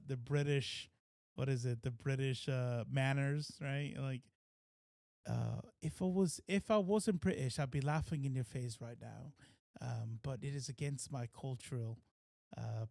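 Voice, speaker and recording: Gravelly, mocking male streamer. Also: medium pitch, unhurried, a little mellow, no echo, studio quality. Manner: mocking, swears, laughs at what he watches. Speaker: streamer reacting to a video. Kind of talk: casual reaction commentary.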